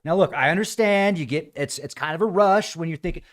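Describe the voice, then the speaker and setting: A man hosting a casual livestream, talking in an animated way and acting out other people's voices now and then. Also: a little high, brisk. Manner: animated, acts out quoted voices. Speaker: host.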